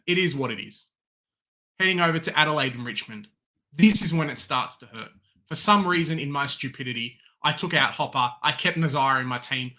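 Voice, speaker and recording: This is a young Australian man chatting casually about his fantasy football team. His voice sits a little high and sounds bright and forceful. He talks in an animated way, leaping into loud, excited bursts and then dropping to resigned mutters. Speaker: fantasy football podcast host. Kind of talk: casual sports chat.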